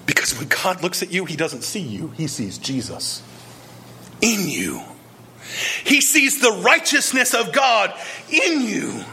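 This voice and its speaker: A man's voice: high-pitched, sing-song, slow, long pauses, sharp tone, slight background noise. A male pastor preaching a sermon, earnest and emphatic, pressing his point with repeated rhetorical questions.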